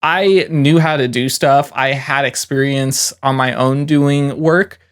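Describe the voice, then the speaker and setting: A man's voice: medium pitch, steady tone, slow pace, smooth. A man who works as a voiceover artist, giving encouraging, conversational advice to beginner freelancers with frequent "you know"s.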